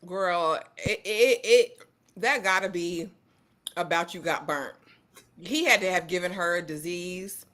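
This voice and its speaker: Bright quick-talking woman podcast host. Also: on the low side, slight background noise. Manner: quick, joking, slangy. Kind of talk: casual chat.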